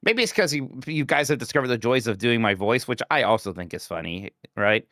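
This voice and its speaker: Bright lively self-deprecating man. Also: mid-range voice, a little fast, no room sound, studio quality. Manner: self-deprecating, laughing often. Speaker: podcast co-host. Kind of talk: casual chat.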